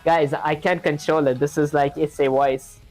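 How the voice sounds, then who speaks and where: A woman's voice: low-pitched, fairly even intonation, normal speed, darkish tone, dry recording, soft background music, poor audio. A woman streaming herself coding, talking through each step and chatting with viewers in a loose, filler-heavy way.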